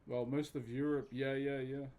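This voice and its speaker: A young man with a New Zealand accent, chatting casually on a livestream, relaxed and reading out viewers' messages, on a headset mic. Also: medium pitch, moderate pace, highs cut off. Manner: relaxed, chatty, reads out chat. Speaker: live streamer.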